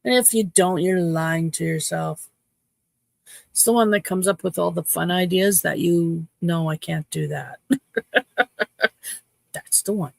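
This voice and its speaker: Cheeky gravelly-voiced woman in her fifties. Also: on the low side, fairly even intonation, measured pace, pauses often, no room sound. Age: 50s. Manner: cheeky, playful, chatty. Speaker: livestream host. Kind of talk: casual chat with viewers.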